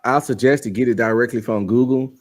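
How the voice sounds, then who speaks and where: A man co-hosting a podcast in casual chat, slangy and opinionated, quick to agree. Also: medium pitch, fairly even intonation. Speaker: podcast co-host.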